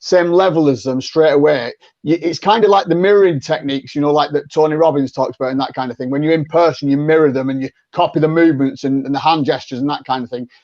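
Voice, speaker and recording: A man's voice: a little high, fairly even intonation, fast talker, a little mellow, no room sound, dull audio. A man, a sales coach talking as a podcast guest in a chatty way, often repeating words as he restarts and acting out sample phone calls. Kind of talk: conversational interview.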